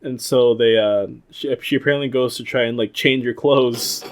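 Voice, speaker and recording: A man's voice: medium pitch, steady tone, moderate pace. A young man co-hosting a podcast, casually recapping an episode in a rambling, laughing way, swearing and acting out quoted lines. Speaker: podcast co-host.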